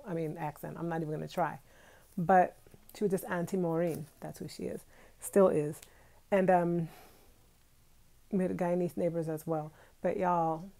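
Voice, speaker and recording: Low gravelly woman chatting on a live stream. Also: warm tone. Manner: chatty, talks straight to viewers, laughs often. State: itchy nose from allergies. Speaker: vlogger hosting a live stream. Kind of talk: casual live stream chat. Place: bedroom at home.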